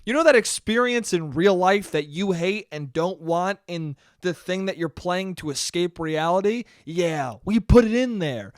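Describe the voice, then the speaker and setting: A man's voice: high voice, measured pace, hardly any pauses, clean tone, dry recording, studio quality. A young man ranting casually and profanely on his own podcast, rambling and joking. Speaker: podcast host. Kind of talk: solo casual podcast rant.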